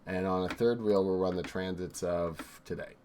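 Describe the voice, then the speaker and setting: A man hosting a live astrology show, talking in a rambling, excitable and profane way, swinging from loud outbursts to low mutters. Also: moderate pace, noisy background. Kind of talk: live-streamed casual astrology talk.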